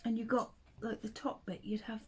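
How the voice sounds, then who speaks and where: A woman's voice: a little high, level tone, moderate pace, darkish tone, husky, low-quality recording. A middle-aged woman, telling family stories in a casual chat, laughing often and sometimes dropping to a whisper. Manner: chatty storyteller who laughs often and drifts into whispers. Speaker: vlogger and mother.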